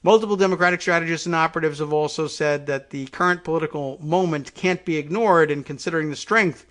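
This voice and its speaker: A man's voice: fairly high pitch, fast, fairly bright tone. A middle-aged male podcast host reading a news article aloud and breaking off into dry muttered asides. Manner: drops to dry muttered asides between read passages.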